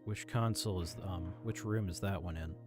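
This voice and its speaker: A man streaming a game, muttering calming mantras to himself between bursts of frustrated swearing. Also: low-pitched, moderate pace. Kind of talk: live game commentary. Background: faint game music.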